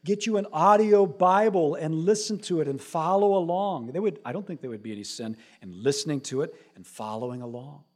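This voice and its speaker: A man's voice: a little high, lively intonation, a little fast, hardly any pauses, darkish tone. A man preaching a sermon as pastor, reading scripture aloud and building to emphatic, raised passages.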